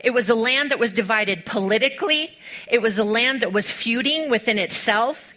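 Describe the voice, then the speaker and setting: Bright-voiced woman preaching a sermon. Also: on the high side, normal speed. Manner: animated storytelling with rhetorical questions; addresses the congregation directly.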